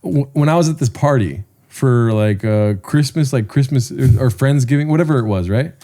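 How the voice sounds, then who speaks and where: A young man co-hosts a casual podcast and tells rambling stories laced with crude jokes. His voice sits in the middle of the range and has a dark, mellow color. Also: mid-range voice, normal speed. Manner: loose storytelling with crude jokes. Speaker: podcast co-host.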